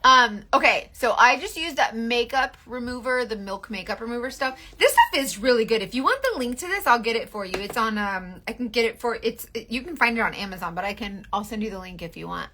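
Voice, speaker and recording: Bright rambling woman, twang. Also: on the high side, lively intonation, a little fast, hardly any pauses. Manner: rambling, filler-heavy, restarts often. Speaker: beauty livestream host. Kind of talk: casual makeup chat.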